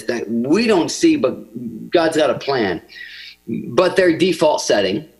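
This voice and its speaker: Male pastor, gravelly and husky, casual preaching with acted-out asides. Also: rough recording. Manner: conversational, acts out quotes with sweeping pitch. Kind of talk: sermon.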